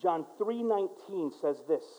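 American male pastor, very high voice, earnest sermon delivery swinging loud to hushed, muffled recording. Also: animated, normal speed. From United States. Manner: earnest, swings from loud and urgent to quiet and low; mimics people in quoted asides. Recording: dull lo-fi recording.

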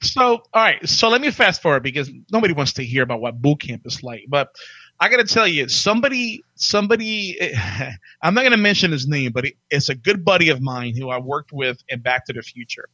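A man in his forties telling stories in a casual chat, animated, barking out impressions of drill instructors. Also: a little high, brisk, no echo, highs cut off. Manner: animated, acts out drill instructors in loud barks. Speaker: podcast guest telling his life story.

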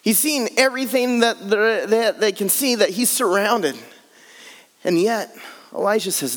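A man's voice: high-pitched, a little slow, big-room sound. A man preaching a sermon earnestly, building his points in repeated lists. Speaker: pastor.

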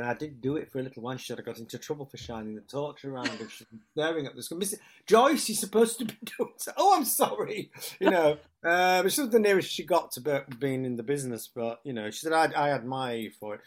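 Chatty man in his fifties. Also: medium pitch. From Hull, England. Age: 50s. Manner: rambling anecdotes, quoting others, laughing often. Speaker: actor guest. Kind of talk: chatty interview storytelling.

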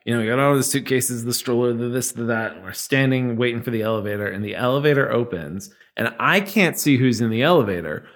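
A man co-hosting a casual chat show, telling a travel story with lively, acted-out quotes. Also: medium pitch, fast talker, few pauses. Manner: animated storytelling, acts out quotes. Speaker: podcast co-host.

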